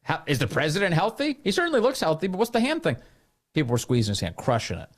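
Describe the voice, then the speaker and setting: A man's voice: fairly high pitch, wildly swooping pitch, quick pace. A man hosting a political talk podcast, speaking in a sarcastic, mocking way. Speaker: podcast and radio host. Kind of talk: political commentary.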